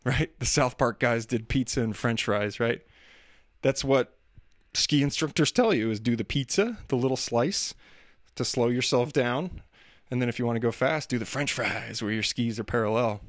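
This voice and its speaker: A man's voice: mid-range voice, moderate pace, dry recording. Middle-aged male host, casual rambling storyteller, mid-range voice, dead-dry recording. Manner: chatty, self-deprecating, demonstrates singing sounds. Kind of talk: casual monologue.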